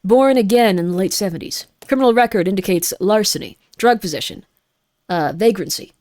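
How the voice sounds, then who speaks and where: A woman streaming a game from home, reading game text aloud and chatting with viewers, animated and full of "like". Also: mid-range voice, fairly quick, no echo, clean studio sound. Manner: chatty, animated, says "like" a lot.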